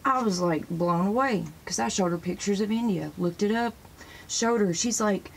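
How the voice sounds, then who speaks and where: A woman hosting a casual show-and-tell video, excitedly pointing out pictures in books and dropping in praise phrases as she rambles. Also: medium pitch, normal speed, creaky, husky, rough recording. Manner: sprinkles praise phrases into talk. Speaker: religious video host.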